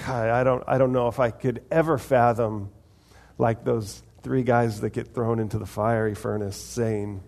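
A man's voice: mid-range voice, steady tone, normal speed, creaky, a little mellow. A man preaching a conversational sermon, asking the congregation questions and acting out little dialogues. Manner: conversational, asks the audience questions, acts out voices of God and people. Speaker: pastor.

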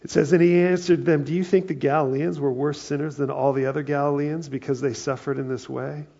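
A man preaching a sermon in a relaxed, conversational way, often voicing the people in his story. His voice is gravelly and a little husky, at a middle pitch. The recording sounds dull and lo-fi. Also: fairly quick. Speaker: pastor.

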